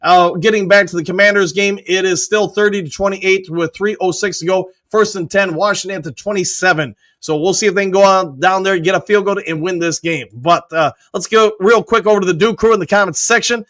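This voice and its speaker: A man hosting a casual live stream, reading viewer comments aloud with quick, upbeat shout-outs and whoops. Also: sits high, steady tone. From Michigan. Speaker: host reading live chat.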